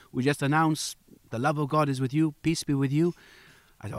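Animated male storyteller, dry close sound. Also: on the high side, fast, dry recording. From United Kingdom. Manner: animated storyteller acting out quoted voices. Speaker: interview guest. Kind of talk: storytelling in a conversation.

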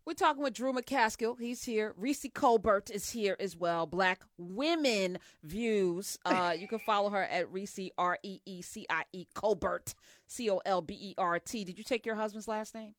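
A woman's voice: medium pitch, normal speed, dry recording, studio quality. A woman hosting a talk show, chatty and teasing, firing questions at her guests. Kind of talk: casual talk-show interview.

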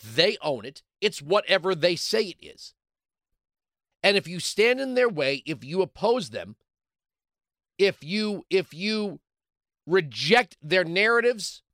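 A man's voice: high-pitched, fairly bright tone, no echo, clean studio sound. A man hosting a political talk show, delivering a combative, sarcastic commentary monologue.

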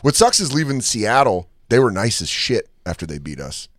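Casual male podcast host, animated storyteller, salty language, dry booth sound. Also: on the low side, normal speed, no echo. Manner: animated storyteller, swears a lot, acts out quotes. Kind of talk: casual chat.

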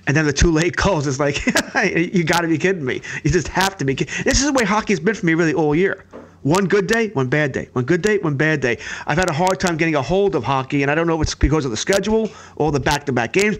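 A man's voice: high voice, fast talker. A man working as a sports betting analyst, telling a story casually with plenty of fillers. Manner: animated storytelling, frequent "uh" fillers.

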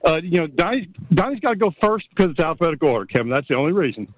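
A man from Texas calls in to a sports talk show with a slightly high voice. He chats loosely with lots of fillers and restarts. The line sounds dry and close. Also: sing-song, rapid-fire, dry recording, rough recording. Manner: chatty, with repeated fillers and restarts. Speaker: caller. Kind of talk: casual call-in chat.

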